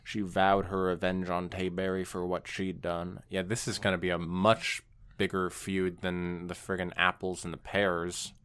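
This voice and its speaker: A man's voice: deep voice, flat delivery, measured pace, a bit bright, clear, resonant tone. A man co-hosting a podcast, reading fan fiction aloud with dramatic narration and frequent laughter. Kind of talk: casual comedic reading and chat.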